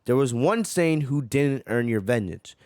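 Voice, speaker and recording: A man voicing an old alien man confessing a long-kept lie, speaking lower and graver. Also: lively intonation, measured pace, a little mellow, dry recording, clean studio sound, close to an everyday voice. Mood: grave.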